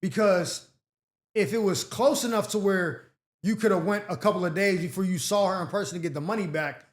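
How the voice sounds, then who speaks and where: A man hosting an advice show, reacting to listener letters in a blunt, slangy, animated way. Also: high-pitched, a little fast. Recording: echoey room.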